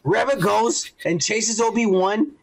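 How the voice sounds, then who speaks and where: A man's voice: high-pitched, unhurried, gravelly, breathy edge, low-quality recording. A man co-hosting a podcast, ranting in casual, profane review chat and acting out quotes along the way. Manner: animated, ranting, acts out quotes. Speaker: podcast co-host.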